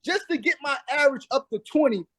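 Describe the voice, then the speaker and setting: A middle-aged man with a notably high voice tells stories from his playing days in a casual interview. He is emphatic and acts out what people said to him. The sound is dry and close. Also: lively intonation, quick pace, bright, forceful tone, no room sound. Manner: emphatic, acts out past conversations. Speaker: guest, former pro basketball player.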